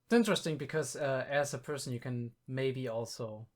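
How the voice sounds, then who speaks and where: A young man, not a native English speaker, hosting a casual reaction video and thinking aloud with many pauses and restarts. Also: mid-range voice. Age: young adult.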